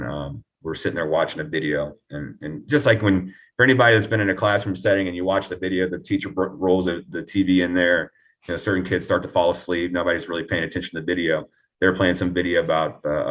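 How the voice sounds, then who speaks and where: Deep-voiced earnest man, a bit off-mic. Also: a bit bright, distant mic. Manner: earnest, reflective, halting with restarts. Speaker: interview guest. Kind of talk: personal recovery story.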